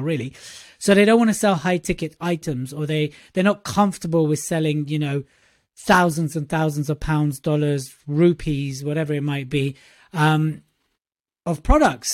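An animated man co-hosting a casual podcast who acts out quoted voices and repeats himself. His voice sounds dry and close to the mic. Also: a little high, dry recording. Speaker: podcast co-host, speaking coach.

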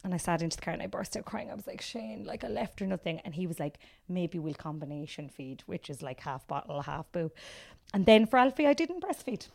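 A Cork woman in her thirties chats casually as a guest comedian. She tells animated stories and acts out what people said along the way. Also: on the low side, a little fast, creaky. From Ireland. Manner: animated storyteller, acts out quotes. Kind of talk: casual chat.

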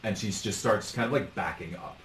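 Chatty game master with a roomy, distant sound. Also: male voice, fairly low pitch, fairly quick, a bit bright. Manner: loose, chatty, with frequent ums and laughs. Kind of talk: narrating a tabletop game. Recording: roomy, distant mic, faint noise.

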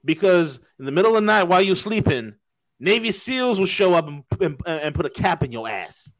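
A man's voice: high voice, very animated, a little fast, fairly bright tone. Blunt, emphatic American man ranting. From United States. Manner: emphatic, repeats key phrases, blunt and profane. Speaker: podcast co-host. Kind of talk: casual political commentary.

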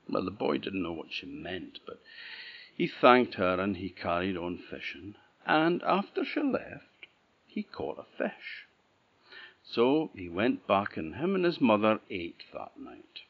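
A man from Orkney with an Orcadian Scottish accent, telling a folk tale in an unhurried, rhythmic way. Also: sits low, big pitch swings. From Orkney, Scotland. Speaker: storyteller. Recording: dull lo-fi recording.

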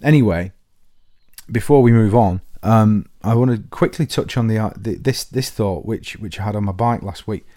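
A man's voice: lowish voice, moderate pace, dark tone, dry recording, studio quality. A man hosting a podcast, talking to listeners in a rambling, self-deprecating comic monologue full of restarts. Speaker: podcast host.

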